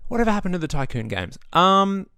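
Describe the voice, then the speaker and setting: A man's voice: sits high, very animated, brisk, bright, forceful tone, clear, resonant tone, no echo. Young guy, home-setup gaming rant, sarcastic and sweary; resonant, dry. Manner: ranty, sweary, sarcastic asides. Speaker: gaming vlogger. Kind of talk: casual opinion rant.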